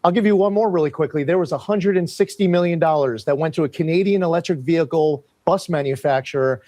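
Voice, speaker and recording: Male news guest, indignant, slightly high voice, dry studio sound. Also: fast, dark tone, no room sound. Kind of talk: news interview.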